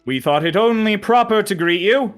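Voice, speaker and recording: A man voicing an eager young envoy who gives loud, friendly, formal greetings. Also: sits high, expressive, moderate pace, faint music behind, voice pushed up. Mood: polite.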